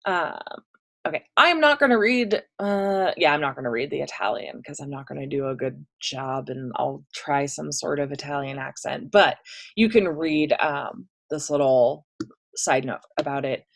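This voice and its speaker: A high school English teacher, a woman, leads a recorded online lesson, chatty and self-deprecating, reading poetry aloud with relish. Her voice is low, creaky and animated, at a moderate pace.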